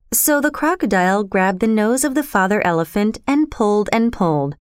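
Smooth-voiced woman reading a children's story. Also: mid-range voice, moderate pace, few pauses, no echo, studio quality. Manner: expressive, storytelling. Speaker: narrator.

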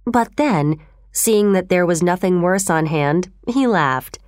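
A woman narrating a classic story in a measured, expressive reading. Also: lowish voice, no echo, clean studio sound.

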